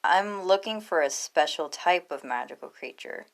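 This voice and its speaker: A woman's voice: on the low side, lively intonation, moderate pace, voice pushed up. A woman voicing an earnest, nervous teenage boy hero in a read-aloud story. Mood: bluffing.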